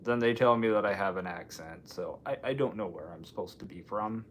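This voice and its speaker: A man's voice: lowish voice, brisk, slight background noise. A man from Washington State hosting a casual live stream, rambling and joking while answering viewer comments. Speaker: livestream host.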